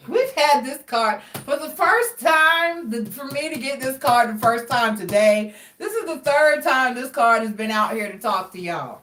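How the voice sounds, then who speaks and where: A woman giving a casual tarot reading, chatty and expressive as she talks straight to her viewers. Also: a little high, a little slow, few pauses, distant mic, a little hiss or hum. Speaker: tarot card reader. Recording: roomy sound from away from the mic.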